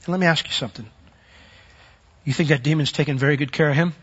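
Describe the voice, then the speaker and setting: A man preaching a sermon, animated, with sudden loud swells and soft drops as he retells the story. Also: a little high, fast, husky, highs cut off.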